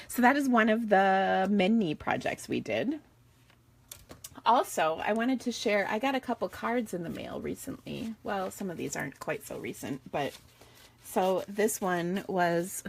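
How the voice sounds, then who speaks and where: A woman's voice: medium pitch, breathy edge. Bubbly woman gushing on a live stream. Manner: bubbly and gushing, laughs often. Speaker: card-making demonstrator hosting a live stream. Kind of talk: casual live-stream chat.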